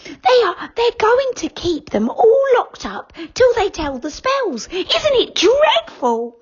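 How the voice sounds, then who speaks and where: A woman's voice: very high-pitched, wildly swooping pitch, takes it slowly, muffled recording, voice pushed up, full character voice. A woman reading aloud, voicing a fretful, hesitant little red squirrel.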